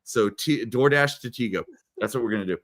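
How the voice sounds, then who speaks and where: A man telling stories as a guest in a live video interview, energetic and playful. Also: medium pitch, fairly quick. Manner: energetic, playful, many restarts. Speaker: guest, keynote speaker. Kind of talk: animated storytelling in a live interview.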